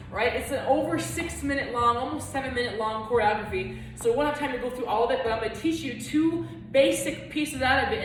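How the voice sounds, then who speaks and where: A woman teaching a flamenco dance lesson, chatting encouragingly and counting beats aloud as she claps and moves. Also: high voice. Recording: echoey room, voice from a distance.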